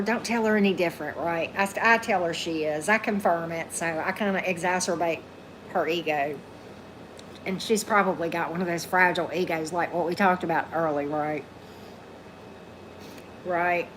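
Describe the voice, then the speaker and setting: A woman, talking casually on a livestream as a tarot reader, her voice going hoarse, chatting with viewers and calling her dog in a high coaxing voice. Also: fairly bright tone, a little hiss or hum. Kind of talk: casual live chat with viewers. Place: indoors at a table at home.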